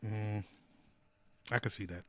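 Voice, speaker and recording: A comedian guest on a sports podcast, riffing and joking in playful rants. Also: male voice, on the low side, fairly even intonation, unhurried, dry recording. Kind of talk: casual sports podcast chat.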